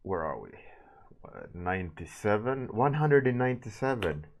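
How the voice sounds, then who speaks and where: A man's voice: on the low side, big pitch swings, normal speed. A man casually chatting with his livestream viewers while drawing, greeting them by name and trailing off mid-sentence. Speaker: streaming artist.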